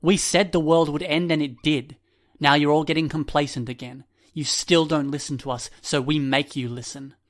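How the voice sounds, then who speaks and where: A man's voice: medium pitch, little pitch movement, moderate pace, fairly bright tone, smooth, lightly acted. A man voicing a bitter, scornful teenage boy with glasses who accuses and questions the others.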